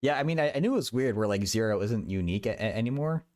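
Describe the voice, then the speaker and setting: A man's voice: mid-range voice, animated, rapid-fire, darkish tone. A young man livestreaming while he does math homework, chatting casually and often stammering and repeating words.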